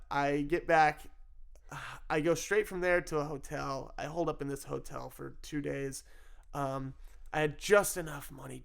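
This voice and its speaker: Gravelly man telling a wild story. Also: on the high side. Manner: laughs often, swears freely, animated and self-mocking. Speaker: storyteller recounting his addiction. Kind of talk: casual personal storytelling.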